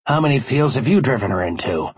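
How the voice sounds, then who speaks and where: A man reading an audiobook, voicing a brisk, decisive man who takes charge and speaks curtly. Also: mid-range voice, big pitch swings, husky, no echo. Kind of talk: audiobook character voice.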